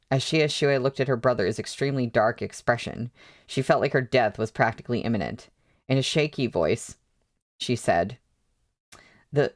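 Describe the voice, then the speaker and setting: A man reading a novel aloud at a casual pace, breaking off for chatty, hesitant asides full of fillers. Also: mid-range voice. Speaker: book reader. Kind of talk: casual read-along with asides.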